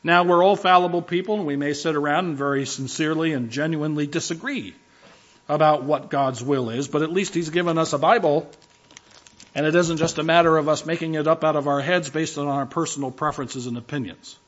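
A man's voice: on the high side, steady tone, fairly quick, fairly bright tone, highs cut off. A man preaching a sermon as pastor, emphatic, driving home key phrases by repeating them.

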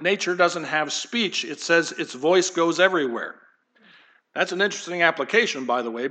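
A man's voice: a little high, fairly bright tone. Conversational male pastor preaching. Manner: conversational, digressive, addresses kids and congregation directly. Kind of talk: sermon. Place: church.

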